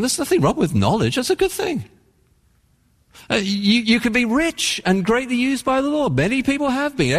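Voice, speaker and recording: Earnest preacher man with lively delivery. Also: sits high, long reverb tail. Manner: earnest, emphatic, varied pacing with dramatic pauses. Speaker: pastor. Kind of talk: sermon.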